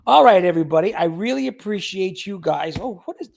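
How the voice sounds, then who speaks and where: High, gravelly-voiced man hosting a livestream. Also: lively intonation, a little fast, darkish tone. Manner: chatty, reads viewer names aloud. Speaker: livestream host. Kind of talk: casual livestream chat.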